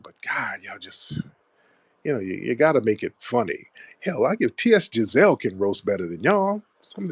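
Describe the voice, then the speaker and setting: A man's voice: fairly low pitch, gravelly, breathy edge, no echo. A man hosting a call-in talk show, laughing and cursing as he mocks what he talks about. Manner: laughing, profane, mocking. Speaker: show host.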